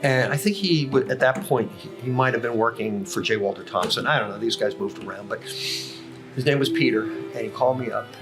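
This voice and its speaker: With music in the background of a coffee house, an older podcast guest casually relates long stories from his working life. He speaks fairly quickly in a mid-range voice, often using fillers and correcting himself.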